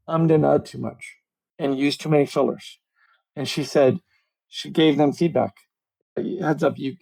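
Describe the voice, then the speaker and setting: A middle-aged communications coach, appearing as a podcast guest, talks animatedly over a video call interview in a conversational way. His medium-pitched voice carries vocal fry and a slightly rough texture, and the audio quality is poor. He explains things with energy and pokes fun at himself.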